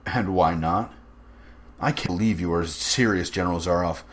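A man voicing a suave, cruel aristocratic general with smooth, mocking menace. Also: deep voice, moderate pace, lightly acted.

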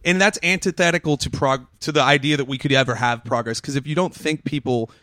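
A man's voice: medium pitch, fast, sharp tone, no echo, studio quality. A man from Texas, a guest comedian, talking bluntly and swearing freely in casual podcast chat. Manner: blunt, swears freely, retells his own jokes.

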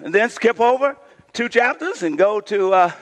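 A male pastor preaching a sermon, reading scripture aloud and calling on the congregation to shout back responses. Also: high-pitched, animated, normal speed, in a large hall. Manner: reads scripture, voicing the complaining crowd with rising intensity.

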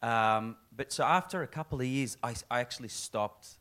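Middle-aged aussie guy, actor in an interview, lively storyteller doing little voices for quotes. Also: mid-range voice, brisk. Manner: animated storyteller, acts out quoted lines, laughs often. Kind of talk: casual interview chat.

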